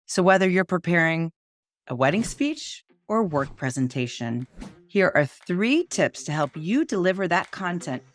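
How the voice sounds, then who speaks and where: A middle-aged woman, a communication coach, gives presentation tips in an expressive way and shows pauses and emphasis as she talks. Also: on the low side, slight background noise.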